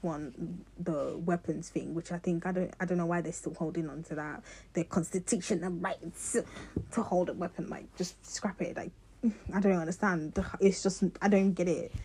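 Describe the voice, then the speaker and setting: A woman's voice: fairly low pitch, fairly even intonation, normal speed, warm tone, husky. A young woman ranting to her viewers in a passionate, rambling way, with many restarts. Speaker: vlogger. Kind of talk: casual rant to camera.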